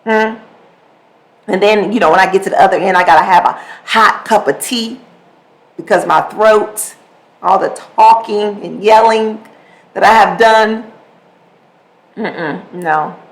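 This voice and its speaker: Gravelly-voiced woman podcast host. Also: mid-range voice, measured pace, pauses often, rough recording. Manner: conversational, animated, acts out examples. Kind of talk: solo podcast talk on communication.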